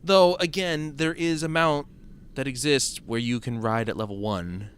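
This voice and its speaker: A smooth, mid-range male voice with a fairly bright tone and fairly even intonation takes an unhurried pace. His let's-play commentary is casual and meandering, self-mocking and chatty, with game music behind him and key taps picked up by the desk mic.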